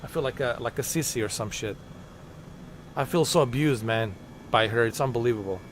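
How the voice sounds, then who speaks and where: A man's voice: mid-range voice, fairly quick, a little hiss or hum. A man livestreaming a flight game, rambling in an exasperated, joking way and muttering asides under his breath. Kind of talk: casual gaming commentary.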